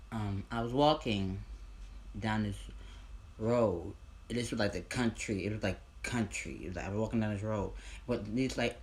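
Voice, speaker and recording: A man telling a casual storytime, rambling and repeating himself, with loud bursts of excited disbelief. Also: lowish voice.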